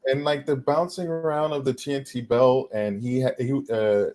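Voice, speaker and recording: A man's voice: medium pitch, fairly even intonation, normal speed, a little mellow, rough recording. A man co-hosting a stream, rambling casually about wrestling storylines over a glitching mic. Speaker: co-host of a wrestling watch-along stream. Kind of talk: casual chat. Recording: mic glitching, faint noise.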